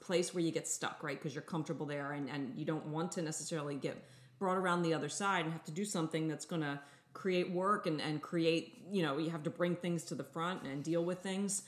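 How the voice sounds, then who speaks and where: A woman's voice: deep voice, steady tone, fairly quick, reverberant. A woman sharing a faith story earnestly, as co-host of a Christian talk show. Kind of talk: faith-based podcast chat.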